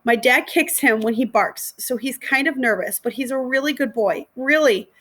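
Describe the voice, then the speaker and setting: A woman's voice: high-pitched, expressive, moderate pace, fairly bright tone, a little hiss or hum, pitched above the performer's own voice. A woman reading aloud, voicing a frightened young girl who tearfully pleads for someone to take her puppy. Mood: tearful pleading.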